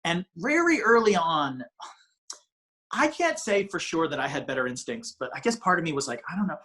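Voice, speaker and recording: A man's voice: a little high, very animated, normal speed, pushed and bright. A man, a comedian guest, talking casually on a podcast in a rambling way with many restarts. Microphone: ring light setup, home video call.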